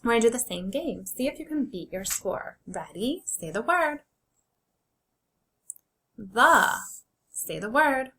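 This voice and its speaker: A woman teaches young children to read, sounding out each word slowly and clearly. Her voice is bright and forward, and she encourages the class warmly as friends. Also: on the high side, big pitch swings, rough recording. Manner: slow, clear sounding-out of words. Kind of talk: early reading lesson for children.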